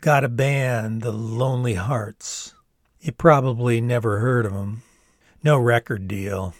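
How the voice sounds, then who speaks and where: A cool, unhurried young rock musician, put on by a male narrator in a storybook reading, drawling so his words slide into each other. The voice sits at an ordinary middle pitch and sounds dry and close. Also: no echo, natural voice. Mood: laid-back. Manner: relaxed drawl, words slurring together. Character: laid-back drawling American rocker man, mid-twenties.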